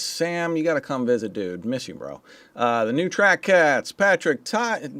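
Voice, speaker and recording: Hosting a livestream, a mixing engineer teaches in a loose, chatty style, tossing in slang and the occasional swear. His mid-range voice swings hugely in pitch at a normal speed, sounding a bit bright in a dry recording.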